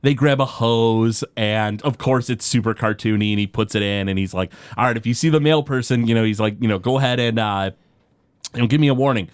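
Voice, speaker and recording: A man co-hosting a podcast, excitedly recapping a cartoon episode with quick paraphrased quotes and frequent restarts. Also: fairly low pitch, clear, resonant tone, dry recording. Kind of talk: casual chat.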